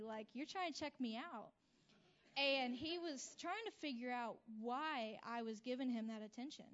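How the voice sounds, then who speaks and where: A young woman with a fairly high voice shares an emotional personal testimony before a group. She talks in a chatty way, full of "like" and "you know", and her voice swells with feeling. The recording sounds dull and lo-fi. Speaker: returned mission intern sharing testimony.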